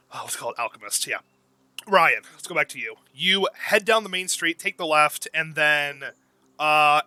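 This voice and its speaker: High, bright-voiced young game master. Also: male voice, dry recording. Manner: rambling, searching for words with many fillers. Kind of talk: narrating a tabletop game.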